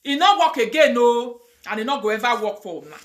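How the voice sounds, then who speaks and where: A woman's voice: fairly high pitch, expressive, fairly quick. A woman with a Nigerian accent ranting on a live video, mixing pidgin, chanting curses and prayers with fire. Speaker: online video host.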